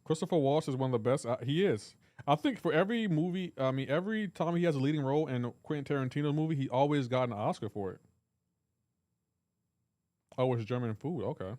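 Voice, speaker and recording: A man's voice: medium pitch, expressive, fast talker, darkish tone, no room sound, clean studio sound. Joking man chatting on a live stream. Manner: joking, reads chat aloud. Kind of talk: casual live stream chat.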